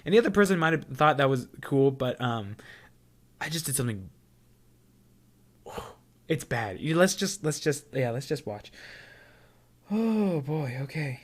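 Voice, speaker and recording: A man telling stories in a casual vlog, excitable and self-deprecating, with lots of fillers. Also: a little high, unhurried, pauses often. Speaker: vlogger.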